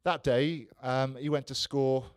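A man's voice: medium pitch, fairly even intonation, a little slow. A man co-hosting a casual chat, telling self-deprecating stories with dry humour. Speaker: podcast co-host.

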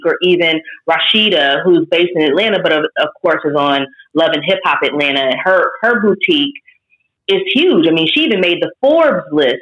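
A woman's voice: fairly low pitch, muffled recording. A woman talking through ideas on a podcast, thoughtful and expansive, with academic phrasing. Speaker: podcast guest, commentator. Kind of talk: analytical podcast discussion.

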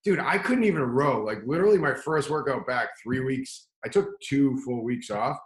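A man's voice: medium pitch, lively intonation, normal speed, reverberant, rough recording. A man telling a long story in casual chat, rambling and profane, with lots of "like" and restarts. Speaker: podcast guest telling a story.

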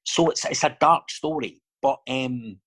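A man's voice: on the high side, a little slow, a bit bright, breathy edge. A Scottish man chatting casually as a guest, telling stories and wandering off into digressions with lots of fillers. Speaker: actor and filmmaker guest. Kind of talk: casual chat.

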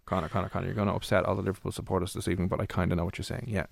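Man, radio host, fast banter, dry close sound. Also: on the low side, gravelly, no room sound. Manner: animated, quick banter. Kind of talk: casual radio chat.

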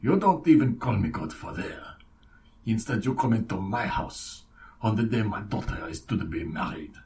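A man doing a mock French accent as a soft-spoken, menacing godfather of a French mafia. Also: fairly low pitch, expressive, normal speed, far from the mic, a little hiss or hum. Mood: mock solemn. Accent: put-on French.

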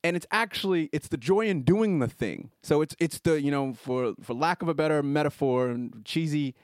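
A man's voice: fairly high pitch, normal speed, smooth, dry recording, studio quality. A man co-hosting a casual podcast, talking loosely and correcting himself as he goes. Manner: loose, rambling, self-correcting. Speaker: podcast co-host.

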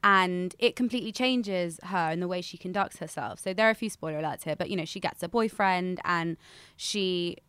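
A woman's voice: lowish voice, a little fast, hardly any pauses, a bit bright, smooth, no echo. A woman co-hosting a podcast, giving an opinionated, chatty film review with frequent fillers and restarts. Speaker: podcast co-host. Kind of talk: casual chat, film review.

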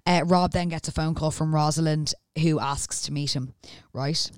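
Woman, podcast host, deep clear voice, dry close mic, chatty recap. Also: fairly even intonation, normal speed, no room sound. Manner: chatty storyteller, acts out characters' lines. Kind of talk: casual chat.

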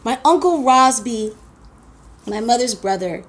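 A woman tells a personal story, blunt and animated, dropping curses and acting out what people said. Her pitch sits a little above the usual for a woman. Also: unhurried, breathy edge. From Queens, New York. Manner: animated, blunt, swears, acts out quotes.

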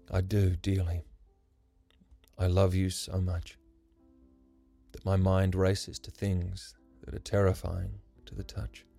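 A man voicing a nervous, remorseful grown man who speaks in a halting, earnest way. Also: low-pitched, creaky, dark tone, exaggerated voice. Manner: halting, earnest, stumbling confession.

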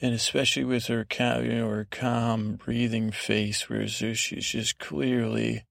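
Gravelly, meandering man in a dry room. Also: medium pitch, level tone, fairly bright tone, no room sound. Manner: meandering, halting, full of restarts and asides. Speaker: podcast host. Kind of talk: rambling bedtime TV recap.

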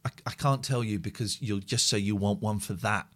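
A man's voice: lowish voice, a little fast, pitched below the performer's own voice, close to an everyday voice. Man mimicking a blunt council phone clerk woman. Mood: stonewalling. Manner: flat, blunt refusals. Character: curt stonewalling female council phone clerk.

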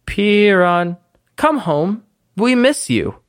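Brief: a man as a beckoning mother figure in a tabletop game, calls the name over and over, fairly high. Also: sing-song, takes it slowly, smooth, exaggerated voice. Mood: coaxing. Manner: repeats the name in a calling, coaxing way. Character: Piran's mother, an eerie beckoning illusion.

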